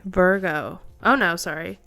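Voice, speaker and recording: A woman's voice: on the low side, a little slow, gravelly, sharp tone, soft background music. A young woman co-hosting a podcast in casual chat, voicing strong opinions bluntly. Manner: opinionated, outspoken. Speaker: podcast co-host.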